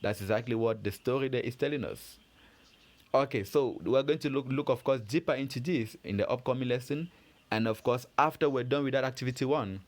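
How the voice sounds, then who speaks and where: A man teaches a French lesson in a plain mid-range voice. He is patient and methodical and keeps quizzing his listeners with little questions. The pace is steady and the tone is level throughout. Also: mid-range voice. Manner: patient, methodical, asks learners questions and answers them. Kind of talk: lesson explanation for learners.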